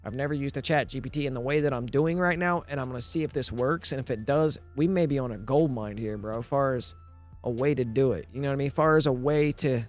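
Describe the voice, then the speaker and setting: A man's voice: medium pitch, fast talker, faint music behind. A man streaming live, rambling and thinking aloud in casual talk, often repeating himself and asking if you know what he means.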